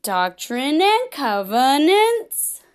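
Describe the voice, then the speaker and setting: A woman teaching a children's class, speaking slowly and with exaggerated, bubbly emphasis for young kids. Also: sits high, big pitch swings. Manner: bubbly, frequent laughs. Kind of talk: children's lesson, sing-along.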